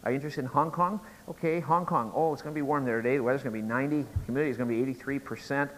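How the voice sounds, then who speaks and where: A middle-aged man preaching a sermon, telling a joke story and rising to loud, emphatic peaks. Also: mid-range voice, racing, a little hiss or hum, low-quality recording. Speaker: pastor.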